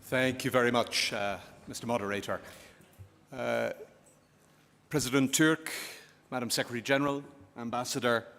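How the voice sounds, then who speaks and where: A man giving formal closing remarks at a conference, telling a joke in a dry, measured way with pauses. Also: medium pitch, fairly bright tone. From Ireland. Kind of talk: formal closing speech with humor. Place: conference hall. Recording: long hall reverb.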